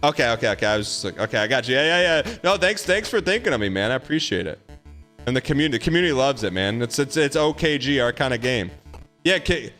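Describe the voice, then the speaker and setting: A man's voice: mid-range voice, big pitch swings, quick pace, a bit bright, soft background music. A man hosting a live game stream, chatting casually and repeating phrases as he talks straight to his viewers. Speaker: live-streaming gamer host. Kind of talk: casual live-stream chat while gaming.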